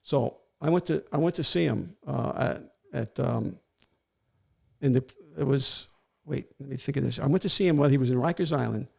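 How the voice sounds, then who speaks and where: With a gravelly, mid-range voice at a moderate pace, a retired police warrant officer in his older years recounts a story during a relaxed interview. He gets animated, voicing each person he quotes.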